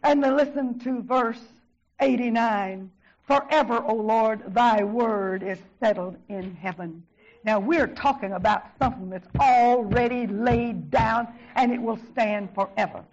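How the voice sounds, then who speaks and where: Fervent older woman preaching, high voice. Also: muffled recording. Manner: swings from shouted, drawn-out praise to low, quiet asides; fervent, repeats exclamations of praise. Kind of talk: sermon.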